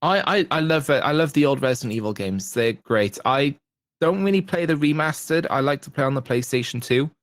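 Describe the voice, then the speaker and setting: Casting: male podcast guest, eager and rambling, mid-pitched, close and dry recording. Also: expressive, brisk, dry recording. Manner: enthusiastic, rambling, many restarts. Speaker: podcast guest, content creator. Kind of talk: casual chat.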